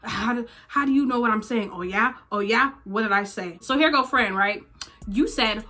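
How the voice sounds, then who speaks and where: A young woman casually telling a story to her vlog audience, animated, acting out the people in it. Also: fairly high pitch, normal speed. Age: young adult. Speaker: vlogger.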